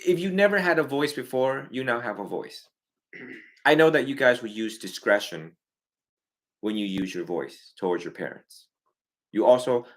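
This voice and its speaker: Animated man counseling a family. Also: medium pitch. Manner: animated, swings loud and soft, acts out parents and kids. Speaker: Buddhist monk counseling a family.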